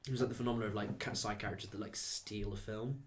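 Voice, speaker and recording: A man's voice: fairly low pitch, fast, background noise. A young man co-hosting a podcast, rambling animatedly in casual chat. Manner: animated, rambling, full of "like" and laughs. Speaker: podcast co-host.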